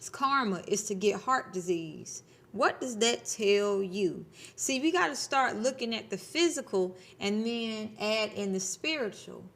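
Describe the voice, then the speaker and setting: A woman's voice: on the high side, fairly bright tone. A woman in her thirties talking casually to her viewers, blunt and preachy, swearing freely. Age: 30s. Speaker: spiritual channel host. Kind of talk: casual spiritual talk to camera.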